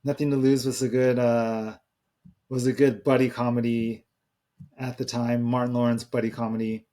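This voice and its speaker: A man in his thirties talks through a solo podcast in a loose, rambling way, circling back and restarting his sentences as he goes. His voice sits at an ordinary middle pitch for a man, with nothing unusual in its tone. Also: little pitch movement, normal speed, mellow. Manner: rambling, conversational, with many restarts. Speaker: podcast host. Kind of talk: casual solo podcast talk.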